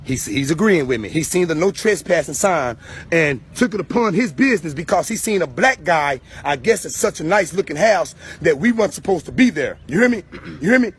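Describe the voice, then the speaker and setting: A man's voice: a little high, animated, brisk, husky. A man speaking emphatically in a confrontational monologue, repeatedly pressing his point. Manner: emphatic, repeats "you hear me".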